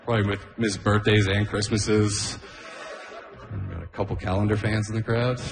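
A man's voice: lowish voice, level tone, moderate pace, gravelly, faint music behind. A man doing a stand-up comedy set on stage, often laughing at his own jokes and saying "oh, man" between bits. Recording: echoey club room.

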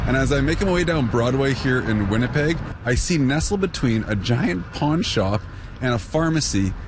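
Male radio host, middle pitch, upbeat field report over a music bed. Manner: upbeat, playful storytelling. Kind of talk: feature reporting on location.

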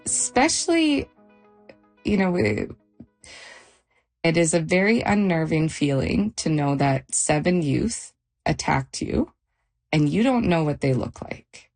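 A middle-aged woman retelling a frightening night in a halting, shaken interview. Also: sits low, very animated, darkish tone, faint music behind. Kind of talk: personal testimony interview.

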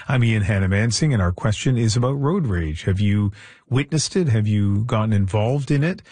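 Man, radio host, brisk, husky voice, dry close studio mic. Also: fairly low pitch, expressive, darkish tone, dry recording. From Canada. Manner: brisk, friendly interviewer, keeps the show moving. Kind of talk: live radio phone-in hosting. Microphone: studio microphone.

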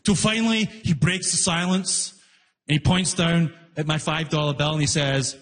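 A man's voice: fairly high pitch, steady tone, moderate pace, fairly bright tone. A man performing a stand-up comedy set, telling a story animatedly and acting out both sides in raised voices, recorded live in a venue with audience laughter. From outside Canada, newly arrived. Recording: live hall reverb, faint room noise.

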